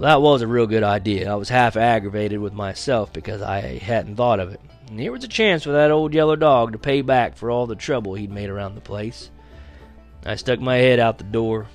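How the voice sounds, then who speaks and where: A man reading a first-person frontier story aloud, lively and dramatic, slowing down at tense moments. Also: medium pitch. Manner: lively, dramatic, slows for action beats. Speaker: audiobook reader.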